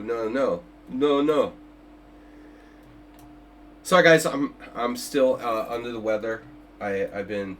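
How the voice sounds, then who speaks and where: A man's voice: fairly low pitch, slight background noise. An older man hosting a chess simul on a livestream, chatting casually with jokes, asides and restarts. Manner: joking, rambling, with many restarts and asides.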